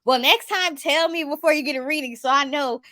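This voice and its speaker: A woman's voice: high-pitched, fairly quick, pushed and bright, no echo, studio quality, pitched above the performer's own voice. A woman voicing a smug man who laughs everything off, in a casual retelling. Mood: smug, amused.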